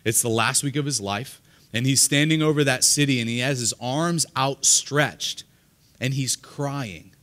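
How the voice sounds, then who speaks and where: A man's voice: medium pitch, a little slow, a bit bright. A male pastor preaching to a live congregation in an earnest way, often repeating words as he starts a sentence. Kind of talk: sermon. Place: church service, live congregation.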